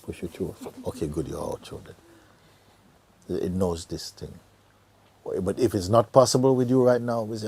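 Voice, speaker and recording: A middle-aged man giving a gentle satsang talk as a spiritual teacher, often dropping to a near whisper and laughing easily. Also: fairly low pitch, expressive, moderate pace, long pauses, slightly rough. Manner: laughs easily, joyful and earnest.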